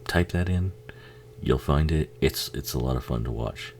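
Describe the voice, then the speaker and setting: A man's voice: very deep voice, moderate pace, darkish tone, a little hiss or hum. A man giving a casual, rambling watch-along commentary on a film, swearing freely and laughing often.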